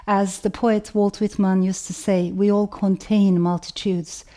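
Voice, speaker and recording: A woman author with a Turkish accent, speaking in a thoughtful, measured way and often saying "you know". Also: mid-range voice, little pitch movement, dark tone. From Turkey. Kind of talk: reflective talk to camera.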